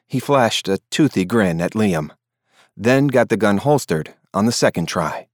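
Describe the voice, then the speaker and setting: Homem narrando audiolivro, som seco. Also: male voice, lowish voice, lively intonation, measured pace, no echo, studio quality. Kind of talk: scripted narration.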